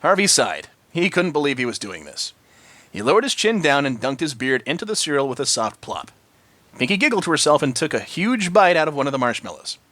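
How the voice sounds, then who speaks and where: A man's voice: a little high, sing-song, a little fast, bright, forceful tone, dry recording. A man reading a story aloud, narrating expressively. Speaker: story reader.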